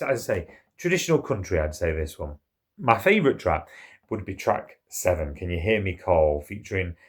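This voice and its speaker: A man hosting his own music channel, chatting enthusiastically through an album review track by track, with plenty of "uh" and "um" and questions to his viewers. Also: fairly low pitch. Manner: asks viewers questions and invites comments. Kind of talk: casual solo album review to camera.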